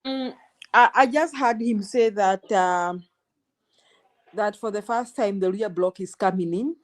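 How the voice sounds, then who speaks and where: A Kenyan woman calls in to a talk show, speaking hesitantly with many fillers. She mixes English and Swahili at a medium pitch. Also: a little slow. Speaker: caller. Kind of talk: casual call-in chat.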